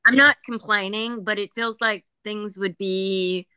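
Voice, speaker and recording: A woman working as a psychic medium in a group reading, chatting casually, laughing and passing on messages in quick, informal speech. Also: medium pitch, fairly even intonation, bright, forceful tone, clean tone, dry recording. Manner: chatty, laughing, relays messages in quoted voices.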